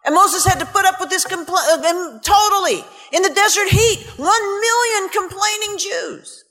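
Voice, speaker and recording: A woman's voice: very high voice, moderate pace, pushed and bright. Woman, preacher, sermon, emphatic, scornful, long hall reverb. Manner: impassioned and emphatic, scornful asides.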